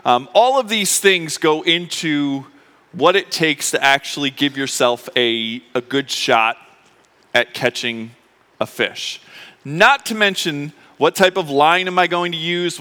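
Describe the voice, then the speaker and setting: A man on the high side, bright and forceful, preaches in a church sanctuary that sounds like a large hall. Recovering from appendix surgery, the pastor talks to his congregation emotionally and chattily, full of fillers and restarts.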